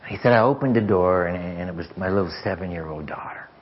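A man preaching as a guest speaker, telling a story with stammered repeats and sometimes sinking to a hushed whisper. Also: low-pitched, fast. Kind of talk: sermon storytelling. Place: church sanctuary. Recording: dull lo-fi church audio.

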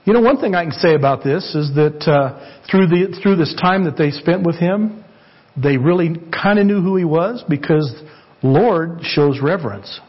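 A man's voice: fairly high pitch, animated, normal speed, husky, dull audio. A man preaching a sermon in church, earnest and repetitive, asking the congregation for amens. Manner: earnest, repeats phrases, asks the congregation for amens. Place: church sanctuary.

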